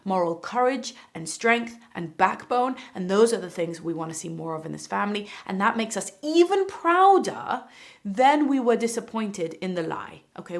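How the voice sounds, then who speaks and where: A woman giving a calm, explanatory parenting lesson to camera, now and then acting out what a parent or child might say. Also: medium pitch, gravelly. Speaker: parenting educator. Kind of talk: instructional talk to camera.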